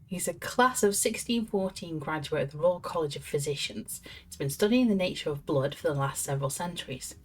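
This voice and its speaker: Chatty woman streamer, quick and amused, lower voice. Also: animated, breathy edge. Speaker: streamer playing a therapy game. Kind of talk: live gameplay commentary.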